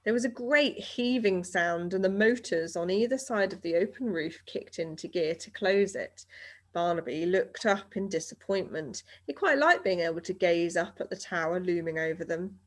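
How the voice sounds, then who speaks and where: Woman, lowish voice, reading a children's book aloud, expressive storytelling. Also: normal speed. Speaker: reader.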